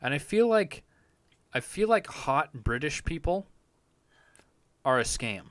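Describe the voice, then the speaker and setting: Dude podcast host rambling and swearing, cracking himself up, dry close mic. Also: male voice, fairly high pitch, sing-song, slow, fairly bright tone, dry recording. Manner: rambling, profane, self-amused. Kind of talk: casual crude comedic rant.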